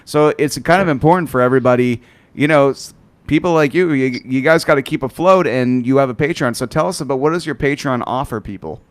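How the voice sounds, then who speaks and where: A man's voice: mid-range voice, fairly quick. A man hosting a casual interview show, asking loose questions with plenty of fillers. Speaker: podcast host.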